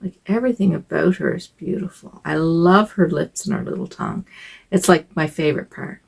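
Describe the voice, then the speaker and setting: A woman's voice: on the low side, animated, fairly quick, vocal fry, darkish tone, husky. An older woman vlogging from home in a rambling, hesitant casual chat, with sighs and fillers.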